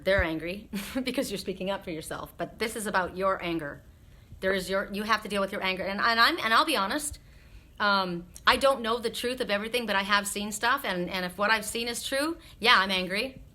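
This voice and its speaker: A woman's voice: mid-range voice, sharp tone. A woman doing spiritual readings on a live stream, chatting frankly with viewers, laughing often and swearing freely.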